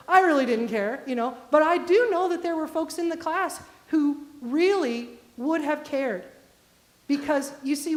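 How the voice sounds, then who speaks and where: High-voiced woman pastor in echoey church. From Midwestern US. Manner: anecdotal, direct questions to the congregation. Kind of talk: conversational storytelling sermon. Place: church sanctuary.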